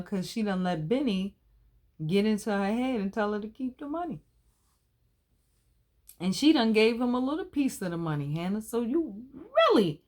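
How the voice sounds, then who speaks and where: A woman in her thirties talks through a TV drama episode in a loose, colloquial manner. She sounds chatty and opinionated, with a voice sitting at an ordinary middle pitch for a woman. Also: a little mellow. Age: 30s. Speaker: TV episode recap host. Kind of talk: casual recap chat.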